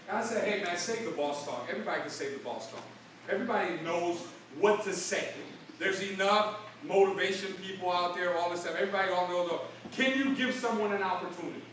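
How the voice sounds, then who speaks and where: Middle-aged male motivational speaker, high-pitched and punchy, heard from a distance in an echoey convention hall. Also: a little hiss or hum. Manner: energetic, fast-shifting, acts out dialogue, frequent "right?". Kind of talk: convention stage speech. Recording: echoey hall recording from far off.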